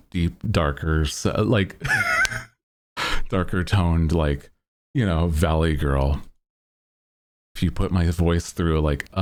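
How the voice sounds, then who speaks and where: Very deep, slow-talking male streamer. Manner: rambling, heavy use of "like" fillers; upward lilt at sentence ends. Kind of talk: casual stream chat.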